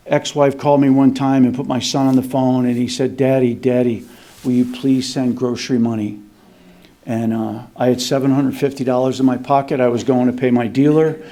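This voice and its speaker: A man's voice: mid-range voice, dark tone. A middle-aged man sharing his personal recovery story at a meeting, in a candid, confessional way. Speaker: AA meeting speaker.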